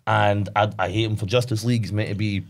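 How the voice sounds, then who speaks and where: A young Scottish man chatting casually as a podcast co-host, rambling and animated, often asking "do you know what I mean". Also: on the low side, fast, creaky. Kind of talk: casual chat.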